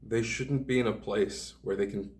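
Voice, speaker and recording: Low-voiced man telling a rambling story. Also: fairly even intonation, moderate pace, a little mellow, recorded from a distance. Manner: meandering, sardonic, hedging asides. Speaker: vlogger.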